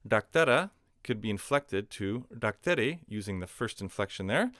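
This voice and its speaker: A man's voice: lowish voice, animated, normal speed, fairly bright tone, dry recording, studio quality. A man explaining a language lesson in a patient, step-by-step way, with frequent fillers. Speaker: language teacher.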